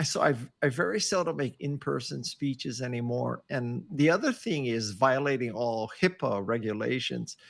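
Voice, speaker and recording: Animated man with a gravelly voice. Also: medium pitch. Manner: animated, joking storyteller. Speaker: podcast guest. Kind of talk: casual interview chat. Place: home office on a video call. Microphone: video call.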